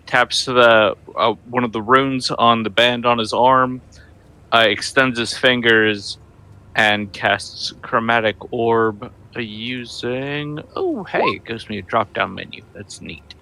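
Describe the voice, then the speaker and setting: A man at a tabletop game who describes his character's moves at a very slow, halting pace. His voice is bright and forward, and he fills the gaps with ums and restarts. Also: mid-range voice. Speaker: player.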